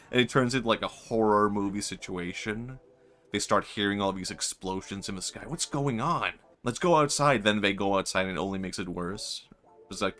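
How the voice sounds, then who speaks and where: A man's voice: fairly low pitch, fairly bright tone. A man, chatting casually and joking while he streams a game. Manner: rambling, joking, often laughing. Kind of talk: casual gaming stream chat.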